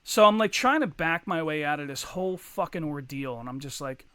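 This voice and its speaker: A man's fairly high, resonant voice comes through clearly as he talks a little fast. He's a podcast co-host casually telling a long, foul-mouthed story, animatedly mimicking others along the way.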